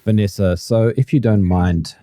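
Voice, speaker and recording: A man hosting a radio interview who asks wry, halting questions. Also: on the low side, background noise.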